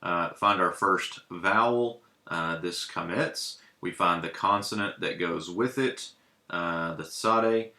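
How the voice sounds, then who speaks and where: A man teaching a casual lesson, pausing often with ums and uhs while he writes and explains. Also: sits low, bright, forceful tone. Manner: hesitant, many ums and uhs while writing. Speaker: Hebrew teacher. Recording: echoey room.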